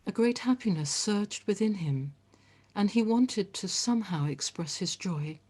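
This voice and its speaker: A woman reading a story aloud in a calm, measured, gentle way. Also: mid-range voice, husky.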